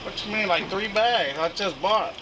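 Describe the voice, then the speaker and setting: A man under arrest at a traffic stop, pleading and shouting for help, heard through noisy police bodycam audio. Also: high-pitched, moderate pace. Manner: slurred, pleading, then screaming for an ambulance. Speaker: arrested driver in police footage.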